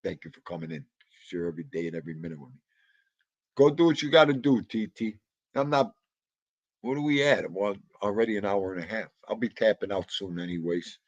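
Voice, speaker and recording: A man hosts a casual livestream, rambling animatedly as he chats with viewers and reads their comments, with sudden loud exclamations. His voice is on the low side and a little fast, in a muffled recording with no room sound.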